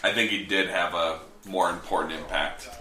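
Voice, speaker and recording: A man's voice: low-pitched, moderate pace, bright, forceful tone, reverberant. A man co-hosting a sports podcast, chatting casually and easygoing as he rattles off team statistics. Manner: stat-heavy, easygoing, chuckling. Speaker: podcast co-host.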